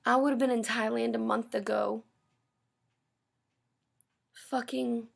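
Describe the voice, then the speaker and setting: A woman's voice: a little high, steady tone, takes it slowly, vocal fry. A woman ranting to camera in a personal vlog, bitter and sarcastic, swearing often. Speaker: vlogger. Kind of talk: angry personal rant.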